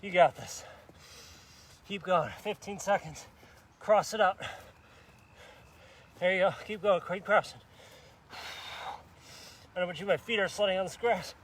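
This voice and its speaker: A man's voice: sits high, measured pace, pauses often, a bit bright. A male fitness instructor coaching a live outdoor workout, upbeat and urging viewers on with countdowns while out of breath and sweating. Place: outdoors in a park on grass.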